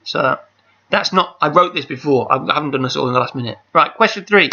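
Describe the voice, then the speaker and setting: A man's voice: a little high, lively intonation, a little fast, pushed and bright, a little hiss or hum. A man hosting a charity quiz over a video call, chatty and rambling, reading out each question twice. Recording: dull lo-fi call audio.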